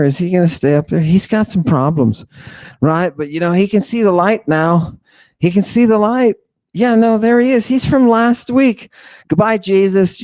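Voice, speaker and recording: Man, host, irreverent lecture, theatrical and mocking, fairly high pitch, dry recording. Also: a little mellow, no echo. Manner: theatrical, mocking, talks to the audience. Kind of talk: irreverent lecture on ancient texts.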